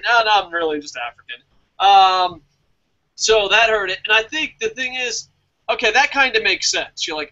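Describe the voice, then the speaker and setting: Podcast co-host, man, high and lively, very bright sharp tone, lo-fi sound. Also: normal speed. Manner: animated storyteller, acts out quotes, profane. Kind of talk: casual wrestling podcast chat.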